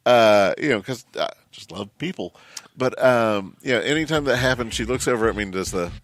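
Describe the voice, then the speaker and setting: A man's voice: mid-range voice, brisk, no echo. A man hosting a podcast in casual chat, telling stories in a rambling way with many fillers and restarts. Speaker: podcast host.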